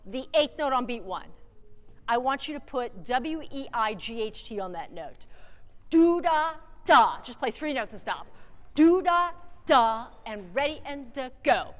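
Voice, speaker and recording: A woman conducting a band rehearsal, energetic, singing rhythms aloud and counting off the players. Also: fairly high pitch, moderate pace, music in the background. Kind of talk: rehearsal coaching. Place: large theatre with a band. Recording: live hall reverb with band playing.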